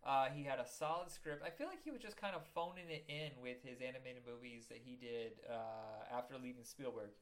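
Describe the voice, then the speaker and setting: A man co-hosting a casual film chat, telling stories in a chatty, animated way and swearing freely. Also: medium pitch, brisk, few pauses.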